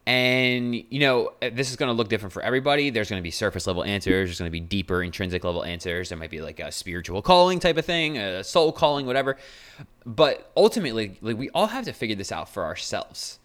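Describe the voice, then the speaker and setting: A man's voice: on the low side, animated, fast talker, a bit bright. A man hosting a solo podcast as a health coach, talking bluntly and casually with swearing and fillers.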